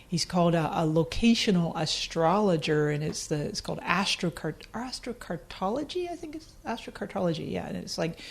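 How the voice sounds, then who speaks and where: A middle-aged woman with a Scottish accent, a podcast guest telling stories in casual talk. She laughs often and acts out her own past remarks in a higher voice. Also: vocal fry. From Scotland. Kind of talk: casual storytelling interview.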